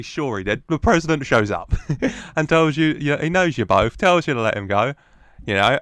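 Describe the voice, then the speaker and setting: A man's voice: medium pitch, big pitch swings, normal speed, few pauses, a bit bright, dry recording. A young man casually commenting on a TV episode, chatty and playful with frequent laughter. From United Kingdom. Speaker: reaction video host.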